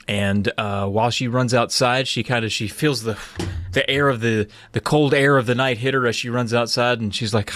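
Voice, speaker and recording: A man co-hosting a podcast, reading a book aloud and riffing on it in a wry, swearing, animated way. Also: medium pitch, moderate pace, no room sound, studio quality. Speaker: podcast co-host.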